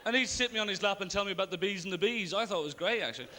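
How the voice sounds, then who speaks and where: A young man from Ireland, doing a stand-up comedy routine live on a theatre stage, tossing in deadpan asides and quick voices of other people. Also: sits high, slight background noise. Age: young adult. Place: large theatre stage with audience. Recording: live theatre recording with long reverb and faint ambience.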